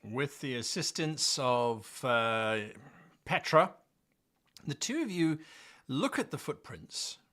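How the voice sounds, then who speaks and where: A man's voice: medium pitch, sing-song, takes it slowly, a bit bright. A man running a tabletop game as game master, narrating scenes with playful drama.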